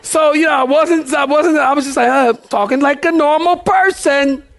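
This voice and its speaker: A middle-aged man, a pastor, telling a story in a sermon, animated and acting out the dialogue. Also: very high voice, moderate pace, gravelly, no room sound. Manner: animated, acts out dialogue in a raised voice.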